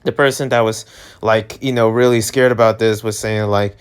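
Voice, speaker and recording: A man's voice: medium pitch, animated, moderate pace, clean tone. A young man talking casually in a rambling, filler-heavy vlog monologue. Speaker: vlogger.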